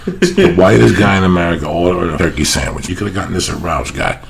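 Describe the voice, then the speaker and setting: A man hosting a podcast, loud and profane, telling rambling stories in casual chat in a studio. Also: deep voice, sing-song, fast talker, vocal fry, slight background noise. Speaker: podcast host.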